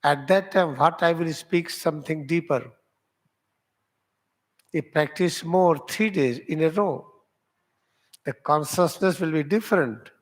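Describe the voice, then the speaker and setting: A man with an Indian accent, a meditation teacher whose first language is Hindi, teaching at an ashram in slow, deliberate, simple English. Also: fairly high pitch. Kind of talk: spiritual teaching talk.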